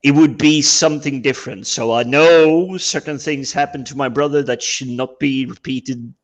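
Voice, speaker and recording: A man's voice: medium pitch, fairly even intonation, normal speed. A man chatting casually on a video call as a panel guest, often stumbling and repeating words as he talks.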